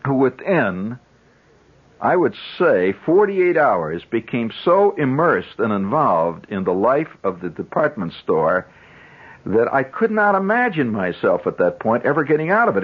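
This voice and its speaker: A man's voice: mid-range voice, slightly rough. A man in his fifties, a radio host telling a long, rambling story in a conversational way with chuckling asides. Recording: dull 1970s radio broadcast.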